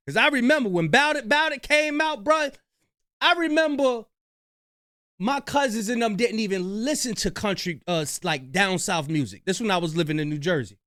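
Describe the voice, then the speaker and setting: A man hosting a reaction channel, giving casual slangy commentary in an animated, ranting way. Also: sits high, moderate pace, dry recording, clean studio sound.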